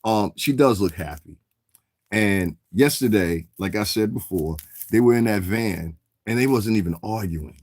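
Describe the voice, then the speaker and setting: Casting: New man, stream host, low voice, rambling streetwise chat, dry close sound. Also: measured pace, darkish tone, no room sound. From New York City area. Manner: rambling, streetwise slang, keeps asking "you understand what I'm saying". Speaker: livestream host. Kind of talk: casual commentary answering live chat.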